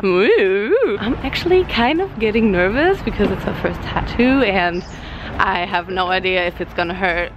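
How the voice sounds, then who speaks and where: A woman's voice: medium pitch, muffled recording. Giggly German woman vlogging amid noise. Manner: giggly, bubbly, laughs often. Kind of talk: casual vlog chat. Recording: noisy with traffic around.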